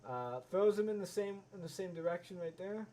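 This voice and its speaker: A man's voice: high voice, expressive, brisk, dark tone. A man giving live reaction commentary, ranting and swearing with many stammering restarts. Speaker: reaction streamer.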